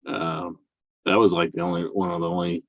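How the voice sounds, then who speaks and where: Deep-voiced man, dull lo-fi sound. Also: flat delivery, fairly quick, dry recording. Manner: hesitant, short remarks. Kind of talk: casual chat.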